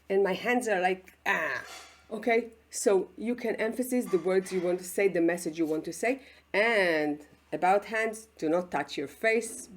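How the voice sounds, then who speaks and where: Emphatic Israeli woman teaching to camera. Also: fairly low pitch. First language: Hebrew. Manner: emphatic, frequent "okay?" check-ins, acts out examples. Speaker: public speaking mentor. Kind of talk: online lesson to camera.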